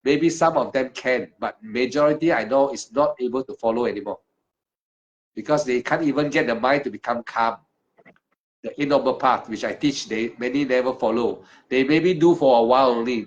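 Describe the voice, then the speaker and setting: A man's voice: medium pitch, normal speed. A man teaching meditation one-on-one, speaking in short, emphatic, repeated phrases of simple broken English. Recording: dull lo-fi recording.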